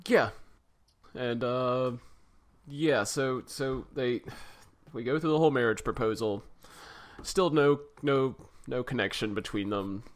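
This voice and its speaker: A man's voice: medium pitch, slow, long pauses. Man laughing through a movie rant. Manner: laughs often, critical and exasperated. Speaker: podcast co-host. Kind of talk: casual film review chat.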